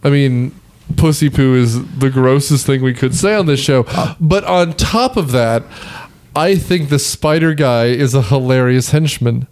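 A man's voice: medium pitch, unhurried, a little mellow. A man with a Midwestern accent hosting a casual movie podcast, rambling and joking with his co-hosts. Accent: Midwestern American. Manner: rambling, joking, self-deprecating. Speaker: podcast host. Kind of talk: casual movie-review chat.

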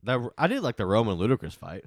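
A man's voice: lowish voice, fast talker, no echo, studio quality. A man co-hosting a podcast, chatting casually about a movie and acting out lines from it. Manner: animated, quotes characters in put-on voices. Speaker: podcast co-host. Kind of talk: casual movie review chat.

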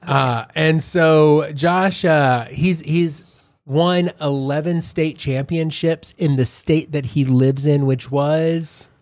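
A man's voice: fairly high pitch, takes it slowly. Joking East Texas man, casual podcast chat. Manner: joking, teasing, animated retelling. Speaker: podcast co-host.

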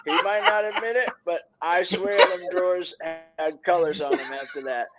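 A man's voice: sits high, fairly even intonation, moderate pace, music in the background, low-quality recording. A man telling an easygoing, laughing story in casual chat.

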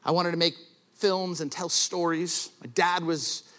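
A high, bright male voice preaching a sermon. He is an animated storyteller who jokes at his own expense and swells to shouting when driving a point home. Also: unhurried. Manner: self-deprecating humor. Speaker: pastor.

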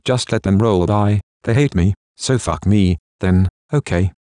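A man's voice: lowish voice, measured pace, warm tone, no echo, studio quality, close to an everyday voice. A man voicing a troubled young man with Tourette's who swears in agitated outbursts, in an audiobook.

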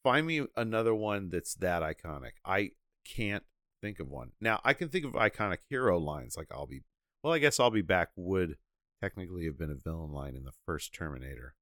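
Low-pitched man, casual movie podcast banter, animated and profane, dry close mic. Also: brisk, dry recording. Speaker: podcast co-host.

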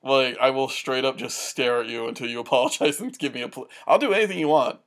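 A woman's voice: very deep voice, fast. A woman co-hosting a podcast, recapping a TV episode in casual chat, laughing often and drifting into side stories. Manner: laughs often, chatty, digressive. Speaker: podcast co-host.

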